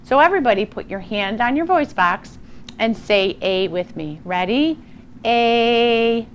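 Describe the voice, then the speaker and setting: A woman teaching a phonics lesson to young children, slow and encouraging, sounding out words with exaggerated care. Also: mid-range voice, very animated, slight background noise. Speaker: primary school teacher.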